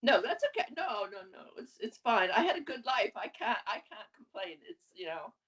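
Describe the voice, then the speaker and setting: Woman in her 70s telling her story, animated and chatty, kinda dull lo-fi sound. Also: a little high, moderate pace. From USA. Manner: lively, animated storytelling with laughs and acted quotes. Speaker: guest. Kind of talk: casual storytelling interview. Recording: dull lo-fi audio.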